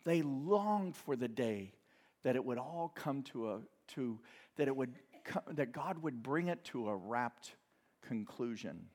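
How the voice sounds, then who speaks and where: A man of middling pitch preaches a sermon. He keeps it conversational, dropping in asides and the odd chuckle as he talks to his congregation. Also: lively intonation, measured pace, darkish tone. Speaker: pastor.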